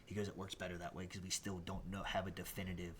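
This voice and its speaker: A man, a professional wrestler and podcast guest, telling animated backstage stories with frequent laughter. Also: low voice, fast talker, a little hiss or hum. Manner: animated storyteller, laughs often. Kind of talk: casual storytelling interview.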